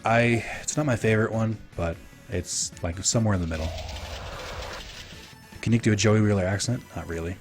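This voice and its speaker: A man's voice: lowish voice, brisk, pauses often. A young man casually streaming a game, rambling to chat with lots of fillers. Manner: rambling, filler-heavy, relaxed. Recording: game music behind.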